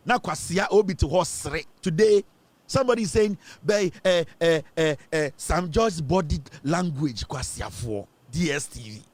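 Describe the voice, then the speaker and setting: A man's voice: high-pitched, lively intonation, normal speed, no echo. A Ghanaian man hosting a political commentary show, ranting and mocking as he switches between English and Twi.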